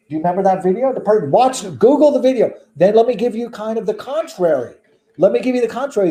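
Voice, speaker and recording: A man with a high, sharp, bright voice talks in a casual chat. He argues his views with emphasis and keeps firing rhetorical questions. He sounds opinionated throughout. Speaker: guest.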